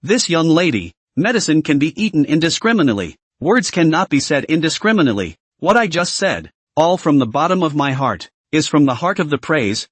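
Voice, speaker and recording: A man voicing a gushing, flattering jewelry store manager in a story recap. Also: fairly high pitch, fairly quick, dry recording. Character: fawning middle-aged male jewelry store manager.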